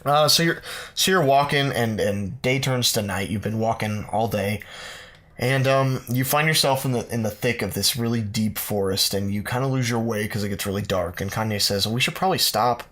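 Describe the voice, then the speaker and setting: A man co-hosting a podcast, improvising a playful fantasy story with many fillers and pauses. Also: on the low side, fairly bright tone. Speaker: podcast co-host narrating a comic fantasy story.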